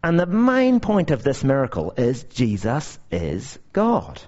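A man preaching a sermon, telling stories with lively, emphatic repetition. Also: mid-range voice, slow pace. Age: young adult to middle-aged parent. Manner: animated storytelling with emphatic repetition. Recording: dull lo-fi recording.

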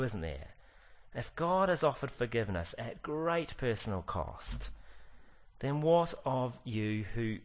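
A man preaching a sermon, earnest and slowing right down on the lines he wants to stress. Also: medium pitch, fairly bright tone. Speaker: pastor.

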